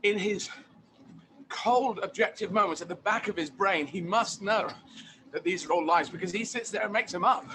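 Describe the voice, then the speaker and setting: A man being interviewed as a guest comedian, talking in an animated, emphatic way and repeating phrases for effect. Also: high voice, moderate pace, a little hiss or hum. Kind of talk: casual interview chat.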